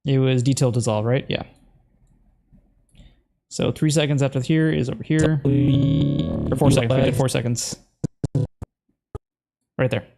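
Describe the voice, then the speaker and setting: A man's voice: mid-range voice, a little slow, vocal fry, long pauses, mellow, soft background music. Man muttering to himself while editing. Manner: mutters instructions to himself, puzzled exclamations. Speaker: video creator. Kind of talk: casual commentary while editing video.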